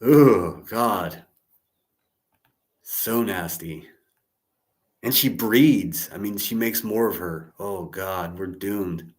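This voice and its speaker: A man's voice: sits low, extremely slow, long pauses. A man commenting live on a clip for his stream, talking with his chat in a heated, sarcastic, profane way.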